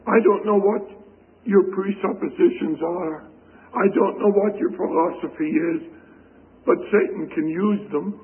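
Slow husky preacher on tinny radio. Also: male voice, high-pitched. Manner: slow, deliberate scripture reading. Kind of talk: sermon. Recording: tinny phone-like radio broadcast.

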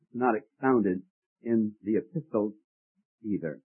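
A man preaching in an expressive, rising-and-falling voice, pausing to quiz his listeners. His voice is slightly husky and comes through a dry, tinny, phone-like recording. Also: fairly low pitch. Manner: expository teaching with questions to the congregation. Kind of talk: sermon.

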